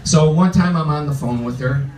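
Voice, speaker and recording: A man's voice: fairly high pitch, normal speed, recorded from a distance, a crowd in the background. A man doing a stand-up comedy set on a club stage, telling self-deprecating stories in a conversational way. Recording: roomy club sound from off-mic, with a loud audience. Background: audience laughter and shouts.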